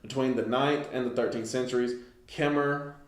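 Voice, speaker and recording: A man's voice: mid-range voice, steady tone, moderate pace. A man giving an informal Bible study lesson, reading a text aloud and commenting loosely with many fillers. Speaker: Bible teacher. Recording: echoey room.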